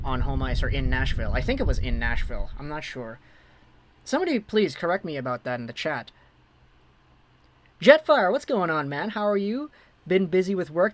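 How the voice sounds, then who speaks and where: A man's voice: fairly high pitch, poor audio. A young man hosting a casual hockey livestream, chatting and answering viewers' messages. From Vancouver, Canada. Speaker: livestream host.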